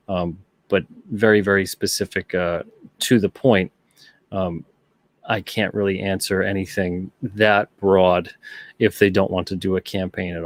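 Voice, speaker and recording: A middle-aged man with a lowish voice hosts a laid-back livestream. He picks up viewer questions and talks them through in an easygoing, unhurried way. The recording is dry and close. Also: no echo. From not British. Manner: easygoing, thinks aloud, reads viewer chat questions aloud. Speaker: podcast host. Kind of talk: casual livestream chat.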